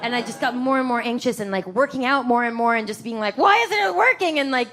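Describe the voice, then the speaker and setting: Female comic, raised pitch, frantic rambling delivery, swings into manic inner monologue. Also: steady tone, fast talker, fairly bright tone. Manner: rambling, acting out her own frantic inner voice. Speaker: stand-up comedian. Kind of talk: stand-up routine.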